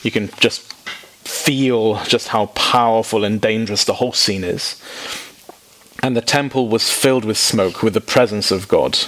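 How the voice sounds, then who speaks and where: A man preaching a sermon to a congregation, informal and animated, dropping in quick asides and jokes. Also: fairly low pitch. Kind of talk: sermon teaching.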